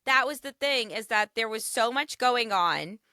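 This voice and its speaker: A woman co-hosting a podcast, chatty and joking, quick to agree with her co-host. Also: on the high side, animated, pushed and bright, clear, resonant tone, no room sound, clean studio sound. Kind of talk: casual chat.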